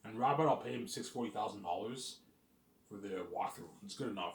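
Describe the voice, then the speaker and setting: A man with a lowish voice vlogs at a slightly fast clip in a roomy, echoing space. His casual monologue rambles, full of fillers, restarts and the odd curse word.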